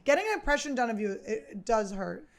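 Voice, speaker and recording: A woman's voice: on the high side, big pitch swings, fast, a crowd in the background. A woman hosting a podcast from a studio, talking casually with a guest. She is blunt and self-mocking, and she swears freely. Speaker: podcast host. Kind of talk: casual comedic chat.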